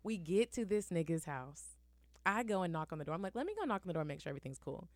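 A woman's voice: fairly low pitch, fast talker, no echo, clean studio sound. A woman co-hosting a podcast, telling a story in a casual, profane way and acting out the people in it. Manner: animated, profane, acts out the people in her stories. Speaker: podcast co-host.

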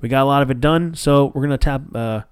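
Animated swearing male podcast host. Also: mid-range voice, fast, clear, resonant tone, dry recording, clean studio sound. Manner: animated storyteller, swears casually, acts out quotes. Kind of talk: casual podcast chat.

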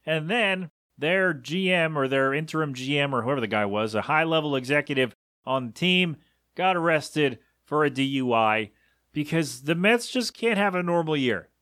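A man's voice: mid-range voice, fairly bright tone, no echo, clean studio sound. A man hosting a podcast, chatting loosely about sports on his own, often correcting himself and wandering off into asides. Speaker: podcast host. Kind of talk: casual solo sports talk.

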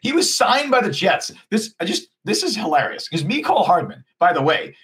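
A man with a husky voice pitched a little high co-hosts a casual sports podcast. He rants with heat and keeps restarting his sentences as he pushes each point. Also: sing-song, a little fast, fairly bright tone. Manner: heated ranting with frequent restarts. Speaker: podcast co-host.

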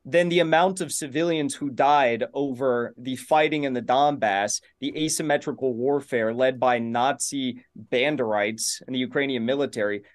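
Guy arguing hard in an online debate, dismissive, mid pitch, on a video call. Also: moderate pace, hardly any pauses. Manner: combative, dismissive, threatening.

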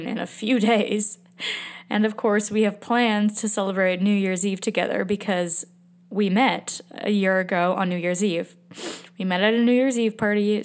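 Woman podcast host, candid confessional storyteller, emotional, blunt, middle pitch. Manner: emotional, candid, swearing, sighing. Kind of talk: personal storytelling.

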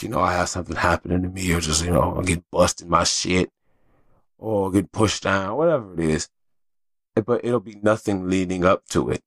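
A man with a low voice hosts a casual solo podcast, rambling through stories candidly and swearing a lot. There's no echo on the recording.

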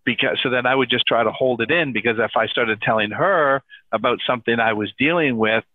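A man calmly explaining and telling stories as a guest therapist on a podcast. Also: medium pitch, brisk, dry recording. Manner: calm, explanatory storyteller. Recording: dry, tinny phone-like line.

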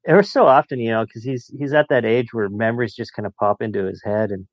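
A man in his late forties telling stories as a podcast guest, chatty and quick to laugh. His voice sits mid-range. The recording sounds a bit muffled and dry. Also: mid-range voice, dry recording. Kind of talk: casual storytelling.

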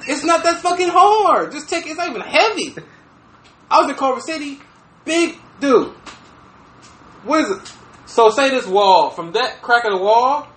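A man telling a story on a casual podcast, animated and profane, often laughing as he talks. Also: very high-pitched, moderate pace, long pauses, reverberant. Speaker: podcast host. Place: room with fireplace.

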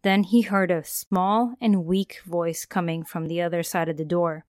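Woman podcast host telling scary tales, smooth and dry-miked, calm and conversational. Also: lowish voice, measured pace, dry recording. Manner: calm storyteller who asks the listener questions. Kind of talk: scripted narration of a horror story.

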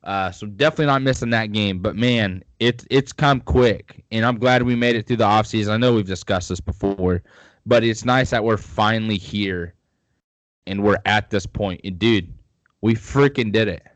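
A man's voice: on the low side, moderate pace, no room sound. A young man co-hosting a casual sports podcast, upbeat and joking. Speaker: podcast co-host.

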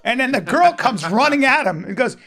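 A man's voice: extremely high pitch, big pitch swings, a little fast, bright, forceful tone. A man chatting casually, telling a rambling, profane story with lots of restarts. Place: Venice, Los Angeles resident.

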